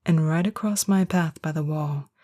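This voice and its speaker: A woman giving a whispered first-person audiobook narration, hushed and slow. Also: low voice.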